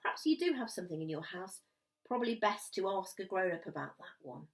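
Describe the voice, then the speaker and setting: A woman's voice: lowish voice, expressive, a little fast, poor audio. A woman teaching a recorded music lesson to young children at home, in a sing-song, encouraging way that draws words out. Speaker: primary school music teacher.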